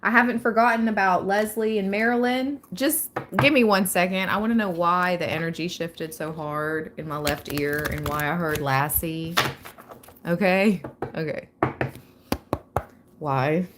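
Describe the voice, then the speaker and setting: A young woman hosting a live tarot reading, chatting casually and excitedly with frequent laughter. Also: on the low side, measured pace, heavy background noise.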